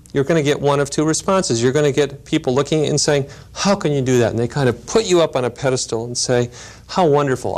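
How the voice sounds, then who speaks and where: A man lecturing in a measured, explanatory way, with storytelling asides. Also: mid-range voice. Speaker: lecturer on grief and helping work. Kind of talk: recorded teaching lecture.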